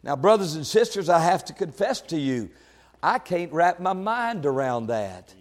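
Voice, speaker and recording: A male preacher delivering a sermon, swinging between quiet, conversational asides and loud, shouted proclamations. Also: fairly high pitch, big pitch swings, moderate pace, in a large hall.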